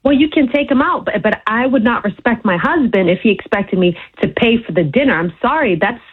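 A woman calling in to a radio show, blunt, opinionated and emphatic, with a husky voice over a phone line. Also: on the high side, lively intonation, fairly quick. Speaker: caller. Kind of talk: call-in radio debate.

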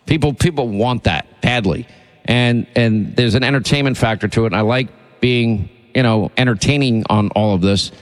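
A man's voice: mid-range voice, normal speed, big-room sound. A man hosting a talk radio show, delivering an indignant, rambling opinion monologue full of restarts.

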